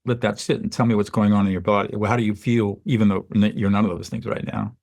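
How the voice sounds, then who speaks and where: Gravelly-voiced male mediator explaining. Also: lowish voice, level tone, darkish tone. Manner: measured, teaching in numbered steps. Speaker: mediator and guest. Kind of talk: podcast interview, explanatory.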